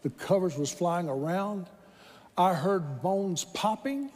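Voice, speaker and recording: A pastor with a Southern American accent preaches a sermon in a large church hall before a congregation, his high voice moving slowly as he tells a story. He animates the quoted voices until they climb into shouts of praise. The recording carries the hall's reverb and the crowd.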